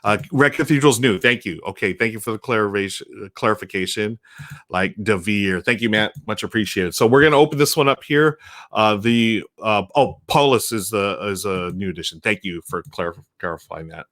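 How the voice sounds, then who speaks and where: Man, low-voiced host, rambling casual live-stream chatter while unboxing. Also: a little fast, a bit bright. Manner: chatty, rambling, with frequent restarts and fillers. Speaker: board game streamer and host.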